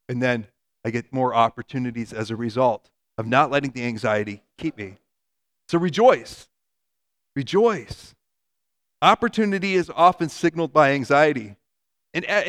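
A man preaching a conversational sermon, animated, acting out everyday quotes and vivid hypotheticals. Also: on the high side.

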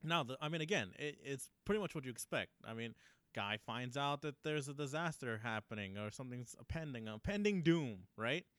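Young guy chatting about a movie, bright smooth voice, dry close mic, keeps saying right?. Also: mid-range voice, fairly quick, dry recording. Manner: animated, riffing, many fillers and "right?". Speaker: co-host. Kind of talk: casual film review chat.

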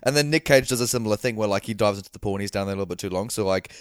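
A man's voice: fairly low pitch, rapid-fire, clean tone, no room sound, studio quality. A man co-hosting a casual film podcast, swearing freely and acting out lines from scenes. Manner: animated, swearing, acts out quotes. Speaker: podcast co-host.

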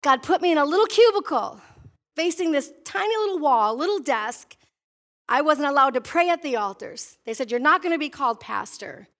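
A middle-aged woman pastor from Wisconsin preaching a sermon, telling a personal story with lively acted-out dialogue. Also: high voice, normal speed. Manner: animated storytelling preacher, voicing herself and God in dialogue.

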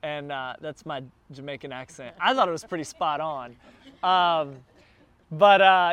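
A man telling a casual travel story, chatty and getting more excited as he goes. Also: a little high, measured pace, smooth, no room sound.

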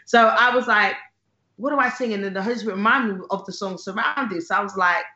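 A gospel singer tells a story in a casual conversation. The singer is lively and animated, acting out the voices of the people in the story. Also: medium pitch, fast. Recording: roomy, slightly dull sound.

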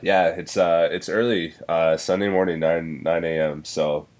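A young man hosts a casual podcast in a very low voice. He rambles easily, trailing off with fillers and laughing along with his co-hosts. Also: steady tone, a little slow, darkish tone. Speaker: podcast host.

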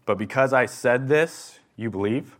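A man's voice: medium pitch, measured pace, fairly bright tone. A young adult man, a pastor, preaching a sermon in an earnest, emphatic way, with some fillers and restarts.

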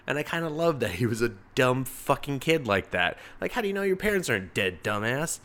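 A man's voice: mid-range voice, sing-song, a little fast, fairly bright tone. A young man casually reviewing comic books, swearing freely, rambling, and laughing at his own jokes. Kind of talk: casual solo review podcast.

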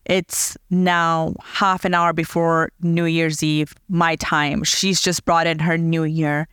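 A woman's voice: low-pitched, little pitch movement, slow, fairly bright tone, clear, resonant tone, dry recording, studio quality. A woman hosting a podcast, telling a personal story in an earnest, heartfelt and reflective way. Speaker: podcast host.

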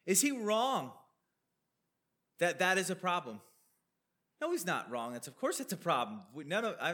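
A man's voice: high-pitched, a bit bright. A man preaching a sermon, explaining a Bible passage over slides in a conversational way, with questions and asides.

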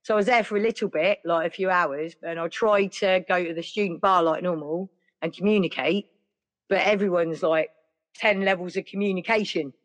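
A woman's voice: fairly low pitch, moderate pace. A woman telling a personal story in a rambling, chatty way, full of "like" and "yeah". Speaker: podcast guest. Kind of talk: casual storytelling.

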